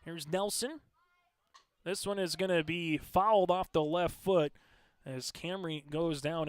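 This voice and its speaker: A man calling live high school softball play-by-play in a steady, conversational way, filling pauses with stats and lineup notes. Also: smooth, no echo. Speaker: play-by-play announcer. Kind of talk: live sports commentary.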